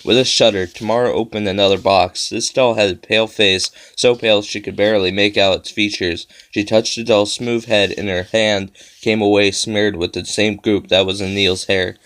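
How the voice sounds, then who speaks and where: Low-voiced man reading a horror story. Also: fairly even intonation, moderate pace, hardly any pauses, a bit bright. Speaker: narrator.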